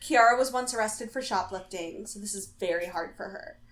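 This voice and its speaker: A woman's voice: medium pitch, a little fast. A woman co-hosting a podcast, summarizing a show in casual recap chat with plenty of fillers. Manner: matter-of-fact summarizing with fillers. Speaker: podcast co-host.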